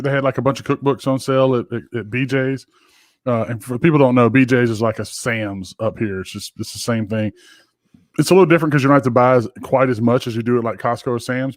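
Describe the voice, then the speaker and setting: A man co-hosts a podcast in casual chat, spinning a long, profane story packed with fillers and restarts. His voice sits at an average pitch for a man. The recording is close and dry, with no room sound. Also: dry recording. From Georgia, US. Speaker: podcast co-host.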